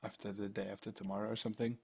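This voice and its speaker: Dutch man, low voice, teasing. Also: little pitch movement, racing, crowd noise. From Netherlands. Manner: playful, teasing. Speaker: stream host. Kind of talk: casual chat on a live stream.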